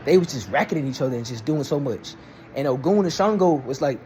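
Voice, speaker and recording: A man's voice: medium pitch, lively intonation, fast talker, mellow, slight background noise. A young man retelling a myth in a casual, rambling, slangy way. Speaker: storyteller. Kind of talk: casual storytelling.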